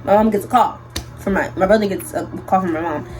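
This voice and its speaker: A young woman vlogger telling a storytime in an animated, slangy way with lots of fillers. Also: mid-range voice, quick pace, faint music behind, rough recording. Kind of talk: storytime vlog.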